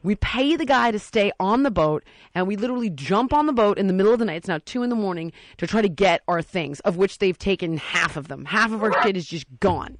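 A woman's voice: mid-range voice, fairly quick, dry recording. A woman telling a story in casual podcast talk, acting out the quotes with lots of energy. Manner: animated, acts out quotes.

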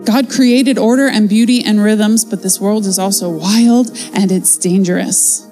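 A woman's voice: mid-range voice, steady tone, unhurried, warm tone, faint music behind. A woman giving a casual, conversational devotional Bible teaching in a chatty, playful way.

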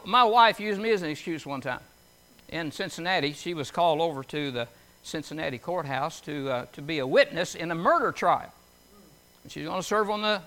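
A man's voice: on the high side, bright, forceful tone. A man preaching a folksy sermon, reading scripture and telling homely stories, often putting questions to his listeners in a conversational way.

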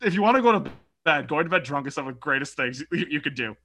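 A man's voice: a little high, expressive, fast talker, pushed and bright. A young man co-hosting a casual sports podcast, telling a story animatedly with swearing and laughter. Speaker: podcast co-host. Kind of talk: casual chat.

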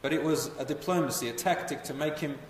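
A man telling a history story as a lecture, animated and putting questions to his listeners. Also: on the high side, fast, a little hiss or hum. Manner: animated, asks the audience questions. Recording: echoey hall, voice from far off.

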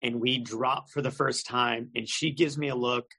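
A man in casual podcast chat, telling a self-mocking story with a gravelly voice. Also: mid-range voice, steady tone, moderate pace, pushed and bright, low-quality recording.

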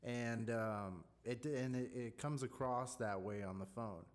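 A new salesperson chatting on a podcast, reflecting in a halting way with many fillers. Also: male voice, mid-range voice. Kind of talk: casual podcast chat.

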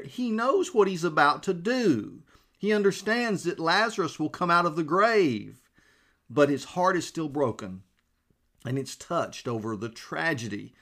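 A male preacher delivering a sermon in a friendly, conversational manner. His pitch sits in a plain middle range. He often chuckles, calls his listeners friends and asks them questions.

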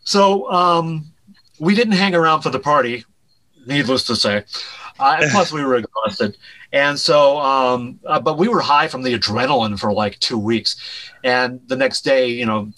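A man, a director and writer, telling an animated anecdote as a guest in an interview, dropping his voice at punchlines. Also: mid-range voice, measured pace, low-quality recording. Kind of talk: storytelling in a podcast interview.

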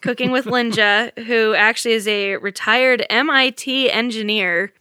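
Brief: female podcast co-host, bright clear voice, breezy filler-heavy chat, dry mic. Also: a little high, fairly even intonation, normal speed, dry recording. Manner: chatty, laughs often, lots of "like". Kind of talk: casual chat.

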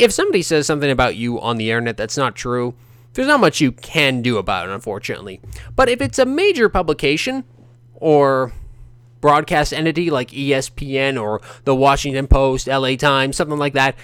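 A male podcast host giving opinionated boxing commentary, animated, ranting and sarcastic. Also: mid-range voice, brisk, clean tone, no room sound.

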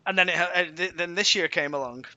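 A man's voice: high voice, brisk, sharp tone, clean tone, no room sound, muffled recording. A man co-hosting a casual sports podcast, hesitant and restarting his sentences. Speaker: podcast co-host.

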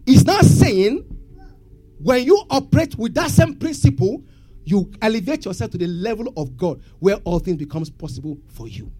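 A pastor preaches a sermon, putting questions to the congregation and having them call back answers. His voice sits high and dark-toned, swinging widely in pitch at a moderate pace.

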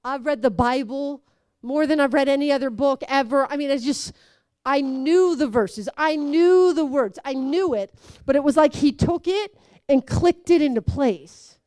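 A woman giving a conversational sermon, telling stories with lively acted-out quotes. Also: sits high, measured pace, dry recording. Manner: animated storytelling, acts out quotes. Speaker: preacher.

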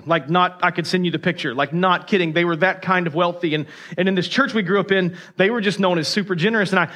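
A man's voice: sits high, a bit bright. A middle-aged male pastor preaching a sermon, emphatic and conversational, with storytelling asides.

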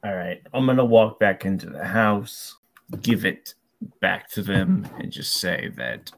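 Gravelly low-voiced man at a game table. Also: expressive, measured pace. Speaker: player.

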